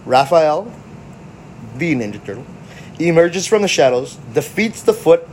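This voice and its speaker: A man's voice: a little high, big pitch swings, measured pace, darkish tone, a little hiss or hum. A man hosting a casual movie recap, rambling and correcting himself as he goes, with a fan's enthusiasm. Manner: rambling, self-correcting, fannish. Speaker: host.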